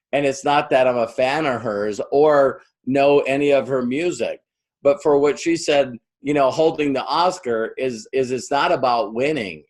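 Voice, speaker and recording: A middle-aged man giving a motivational business training talk, telling stories and acting out the quoted voices. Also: medium pitch. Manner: storytelling, acts out quoted voices.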